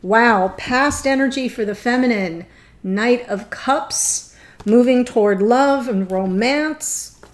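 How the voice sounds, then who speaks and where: Excitable woman tarot reader, choked up. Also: a little high, takes it slowly. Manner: excitable, gushing, emotional. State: choked up, near tears. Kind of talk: tarot reading monologue.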